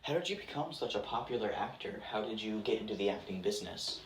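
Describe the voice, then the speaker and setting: A man hosts a casual interview and puts short, plain questions to his guest. His voice sits slightly low, and the space around him is roomy, with a faint hiss in the background. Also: expressive, fast.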